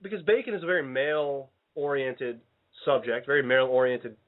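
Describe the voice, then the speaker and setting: A radio studio host with a mid-range voice talks at normal speed on his casual show, playful and rambling, regularly cutting off his own sentences. The audio sounds tinny, almost like a phone.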